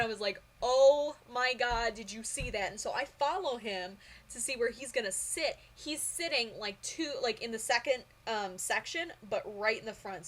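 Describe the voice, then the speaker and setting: A young woman vlogger telling a story in a casual, excitable way, with lots of fillers and bursts of squealing excitement. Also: on the high side.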